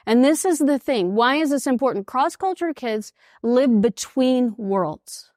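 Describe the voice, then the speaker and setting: Speaking at an international school, an American woman in her fifties with an East Texas accent delivers an unhurried, lively talk in a slightly high voice. She performs the voices of the people in her stories, and the recording is close and dry.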